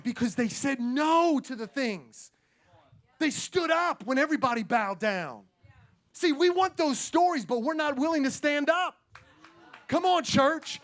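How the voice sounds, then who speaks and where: Pastor guy preaching, lots of repeating and calling out to the church, energetic. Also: very high voice, moderate pace. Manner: energetic, emphatic, repeats phrases and calls out to the congregation. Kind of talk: sermon.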